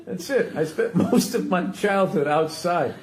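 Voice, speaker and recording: A man's voice: high voice, a little slow. Profane, teasing man in an echoey room. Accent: Boston. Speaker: podcast host. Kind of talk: casual chat. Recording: echoey room, faint background noise.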